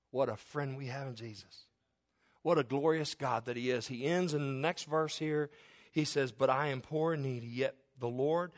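A pastor preaching a fervent sermon, swinging between soft asides and loud, rising declarations, chuckling now and then. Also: male voice, mid-range voice.

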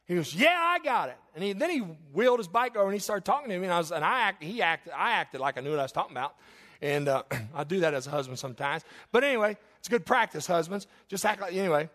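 A male pastor preaching a sermon in a church, folksy and prone to joking asides and excitable storytelling. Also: high voice, fast. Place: church sanctuary.

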